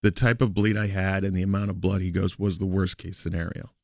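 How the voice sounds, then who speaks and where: A man on a radio show telling a personal story in a halting, hesitant way, laughing often between words. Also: low-pitched, flat delivery, gravelly, a little mellow, no room sound, studio quality. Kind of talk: emotional radio studio talk. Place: radio studio.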